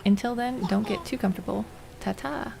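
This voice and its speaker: A woman's voice: on the high side, a little fast, gravelly, over music. A woman reading a mocking pirate. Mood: taunting. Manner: mocking, threatening. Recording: noisy home recording.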